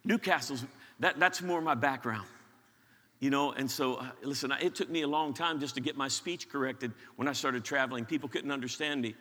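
A man from western Pennsylvania preaching and making announcements to his congregation, energetic and stumbling over repeated words as he gets excited. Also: medium pitch, brisk, big-room sound. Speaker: pastor. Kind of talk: sermon announcements. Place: large church auditorium.

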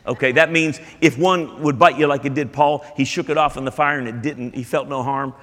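A man's voice: mid-range voice, fairly even intonation, a little fast, a bit bright. A male pastor delivering a sermon, speaking emphatically and chatting directly with his congregation in a church. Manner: emphatic, conversational preaching with asides to the congregation. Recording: long hall reverb.

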